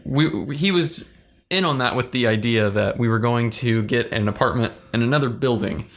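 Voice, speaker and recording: A young man co-hosting a podcast, telling a story in casual chat, halting and repeating his words as he goes. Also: mid-range voice, a bit bright. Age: young adult. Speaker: podcast co-host.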